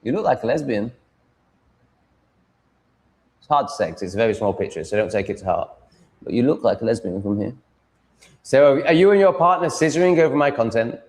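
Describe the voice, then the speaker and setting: A man's voice: mid-range voice, expressive, a little fast, long pauses, a little mellow. Crude, mocking man streaming live. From Sheffield, England. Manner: crude, mocking, swears freely. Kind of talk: rambling live-stream chat.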